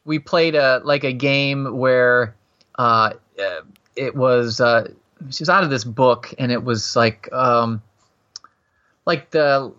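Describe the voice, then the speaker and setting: A man's voice: slow pace, a bit bright. Rambling storyteller man, lo-fi sound. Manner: rambling storyteller, acts out quotes in a higher voice. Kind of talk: casual chat. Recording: muffled, lo-fi sound.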